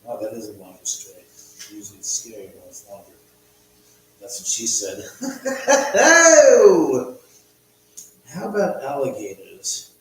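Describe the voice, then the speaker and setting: A man's voice: medium pitch, wildly swooping pitch, a little slow, pauses often, a little hiss or hum. A man hosting a casual live stream from his house, rambling and swearing freely. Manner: rambling, profane, chatty. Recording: echoey room, distant mic.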